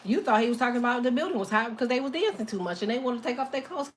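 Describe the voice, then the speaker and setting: A woman's voice: on the high side, animated, rapid-fire, noisy background. A woman reading tarot on a casual live stream, sassy and playful, laughing often and slipping into silly voices for imagined people. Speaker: tarot reader.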